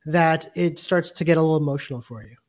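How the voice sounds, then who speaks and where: A man's voice: fairly high pitch, fast, a little mellow, dull audio. A man co-hosting a casual movie podcast, talking eagerly in a rambling way with lots of restarts. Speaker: podcast co-host.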